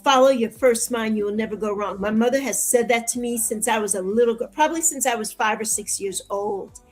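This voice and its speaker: A woman's voice: on the high side, fairly quick, faint music behind, poor audio. An older woman in an interview, speaking in a heartfelt, repetitive way that rises into tearful pleading. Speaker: interview guest. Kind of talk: emotional interview conversation.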